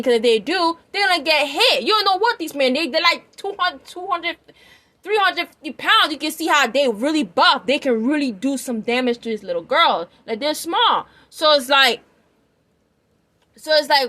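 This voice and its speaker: A woman's voice: high voice, a bit bright. A woman giving her opinion in a rambling, emphatic vlog, often checking that the listener follows her. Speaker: vlogger. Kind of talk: opinion commentary.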